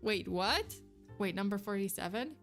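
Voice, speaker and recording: A young woman chatting casually on a live stream, reacting to chat with quick, giggly, animated replies. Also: mid-range voice, faint music behind.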